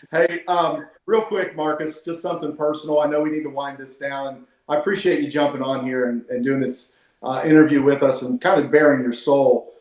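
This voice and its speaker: A man's voice: on the high side, steady tone, normal speed, a little mellow, reverberant, low-quality recording. A man hosting a team call, talking in an emotional, earnest way and praising his guest. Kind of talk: heartfelt conversational interview. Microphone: call audio.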